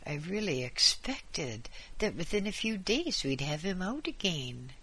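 A man reading a story voices a fussy hospital doctor, matter-of-fact and brisk in manner. The tone is bright and breathy, and the delivery is unhurried. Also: high voice, very animated, pitched above the performer's own voice, exaggerated voice, rough recording.

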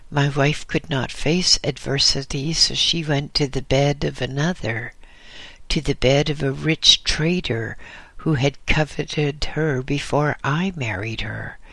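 A man's voice: mid-range voice, pushed and bright, no echo, exaggerated voice. A man reading the part of a sick, dying male silversmith who speaks in a weak, bitter voice. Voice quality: weak, faint voice. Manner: bitter, halting.

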